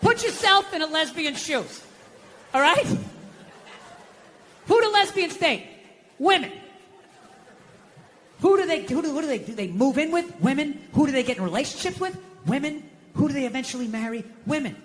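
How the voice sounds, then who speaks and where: A man's voice: extremely high pitch, animated, normal speed, long pauses, a bit bright. A man doing stand-up comedy with a Boston accent, ranting through a profane story on a stage mic in front of a live audience.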